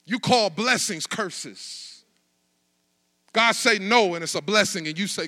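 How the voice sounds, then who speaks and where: A man preaching a sermon as pastor, shifting from quiet, casual asides to loud, rising shouts. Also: high voice, takes it slowly.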